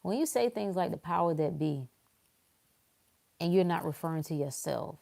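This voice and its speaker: A woman, talking bluntly in a casual spiritual talk, swinging between loud emphasis and hushed asides. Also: fairly low pitch, animated, moderate pace, gravelly.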